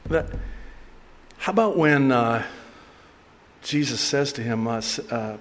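A man's voice: medium pitch, a little slow, pauses often. Preacher man in a reverberant hall. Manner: animated storytelling, acting out voices of Peter with humor. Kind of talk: sermon. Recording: distant voice with long hall reverb, faint ambience.

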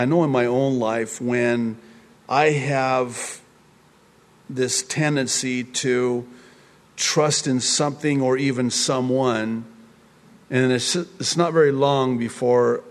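A pastor giving a conversational sermon, rambling with restarts and sudden jumps in pitch. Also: male voice, fairly even intonation, takes it slowly, long reverb tail.

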